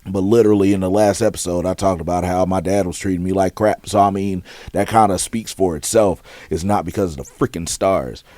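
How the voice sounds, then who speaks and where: A middle-aged man chatting on a podcast, talking haltingly with many restarts and letting his voice sink at the ends of lines. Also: low voice, fairly even intonation, warm tone, dry recording. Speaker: podcast co-host. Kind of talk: casual podcast chat.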